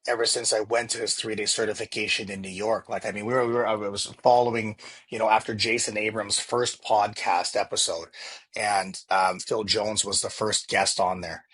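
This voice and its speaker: A man's voice: fairly low pitch, flat delivery, moderate pace, a bit bright, slightly rough. A man talking earnestly as a podcast guest, often restarting and repeating words. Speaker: real estate agent, podcast guest. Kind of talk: casual interview chat.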